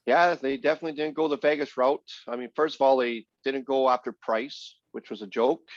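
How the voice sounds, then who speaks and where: A man's voice: mid-range voice, brisk, no room sound. Sarcastic male co-host on a lo-fi line. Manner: blunt, sarcastic, animated. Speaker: podcast co-host. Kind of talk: casual sports chat. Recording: dull lo-fi, dry sound.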